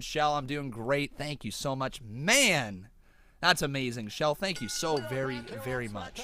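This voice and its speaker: A man's voice: medium pitch, a little slow. Chatty young man hosting a live stream. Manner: chatty, upbeat, often breaks into loud excited shouts. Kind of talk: live-stream reaction chat.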